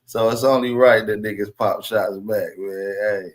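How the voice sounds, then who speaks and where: A man's voice: fairly low pitch, steady tone, moderate pace. A man hosting his channel in casual livestream talk, loose and rambling with slang. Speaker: channel host.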